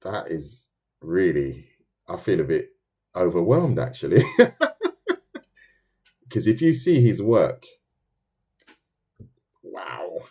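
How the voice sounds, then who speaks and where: Deep-voiced London man chatting while drawing. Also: a little mellow. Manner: chatty, loose and thinking aloud, reads viewer comments, many restarts. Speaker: artist streaming live. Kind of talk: casual live-stream chat while drawing.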